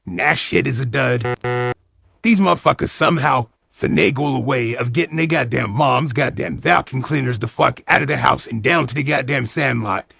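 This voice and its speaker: A man's voice: medium pitch, moderate pace, vocal fry, sharp tone, husky. A man doing a profane, slangy comedy recap of a movie, with mock-outraged asides.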